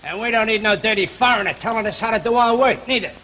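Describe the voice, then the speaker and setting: A man's voice: high voice, fast. An actor playing a surly, bigoted American workman who grumbles in coarse slang. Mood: defensive. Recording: muffled 1950s television recording.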